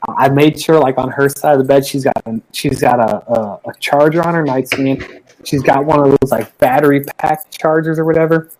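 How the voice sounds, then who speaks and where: A man in a relaxed chat among friends, a mid-pitched voice spilling into long rambling stories. He swears freely and acts out what people said along the way. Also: low-quality recording.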